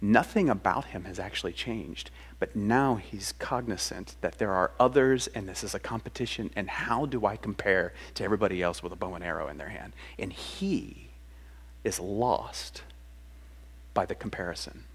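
A man's voice: on the low side, normal speed, husky. A man preaching a sermon as pastor, speaking earnestly and conversationally, often restarting his phrases. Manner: conversational, earnest, with many restarts and acted quotes.

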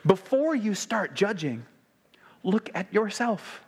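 A man's voice: sits high, slightly rough. Man preaching a conversational sermon. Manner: conversational, shifts between slow quiet emphasis and quick animated delivery.

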